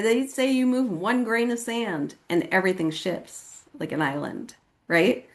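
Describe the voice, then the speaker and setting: A woman from California sharing her personal recovery story at a meeting, chatty and casual, often saying "like" and acting out quoted voices. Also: unhurried. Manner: casual and chatty, with frequent "like" and "you know what I mean"; acts out quoted voices with sudden high pitch.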